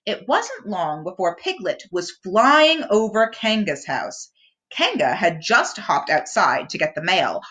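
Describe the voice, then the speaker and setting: A woman librarian reading a picture book aloud to children, with expressive storytelling. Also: lowish voice, a little slow.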